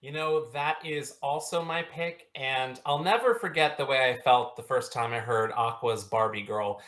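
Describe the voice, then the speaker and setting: A man's voice: mid-range voice, normal speed, fairly bright tone. A man on a casual music panel, teasing and wry.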